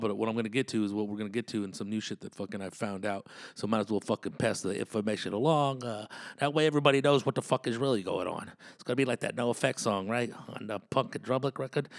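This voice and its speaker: A man's voice: mid-range voice, no room sound, studio quality. A man hosting a podcast, rambling casually and swearing a lot while laughing at his own jokes. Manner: profane, rambling, laughs often, slips into voices. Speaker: comedian podcast host.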